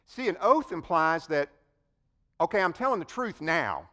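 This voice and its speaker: Man, pastor, sermon, animated storytelling, lively pitch. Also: normal speed. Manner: animated storytelling, addresses listeners directly.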